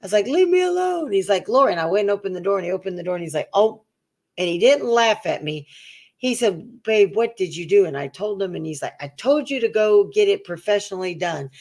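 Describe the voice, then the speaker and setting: This middle-aged co-host talks fast at a medium pitch while telling a long personal story in easygoing chat. In animated fashion, she acts out the voices of the people in her story.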